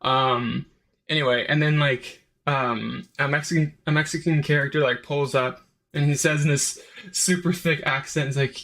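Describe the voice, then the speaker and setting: A man's voice: fairly high pitch, steady tone, normal speed, fairly bright tone. A man hosting his own review channel, talking in a rambling, unscripted way with lots of "like" and "um" fillers. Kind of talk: casual unscripted review monologue.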